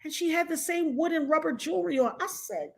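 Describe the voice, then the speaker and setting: A woman in her forties, vlogging at home and telling a personal story with big emotional swings, from hushed to excited shouting. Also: high-pitched, fairly quick, creaky.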